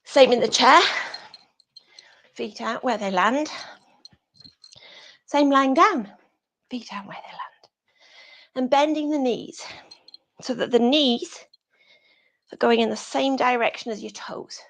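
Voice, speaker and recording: Yoga teacher, british woman, slow and husky, gravelly edge, gentle breathy cues on a video call. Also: high voice. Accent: British English. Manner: soft-spoken breathy cueing, often whispered. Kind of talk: guided yoga class over video call.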